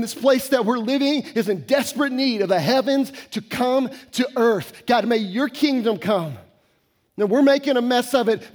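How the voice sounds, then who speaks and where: A man's voice: very high-pitched, darkish tone. A man in his forties preaching a conversational sermon, sprinkling in casual fillers and dropping at times to a near whisper. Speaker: pastor.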